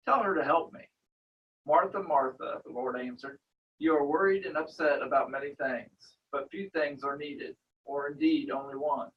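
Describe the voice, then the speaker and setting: A man in a Bible study group, reading a scripture passage aloud in a steady, even way. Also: fairly high pitch, moderate pace, lo-fi sound. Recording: distant room recording with faint noise.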